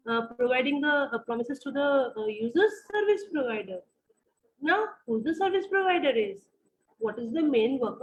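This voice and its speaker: A woman's voice: high voice, dull audio. A woman with an Indian English accent teaching a university class over a video call, full of fillers, repeating her phrases and putting questions to the students. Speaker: university lecturer. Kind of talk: online lecture.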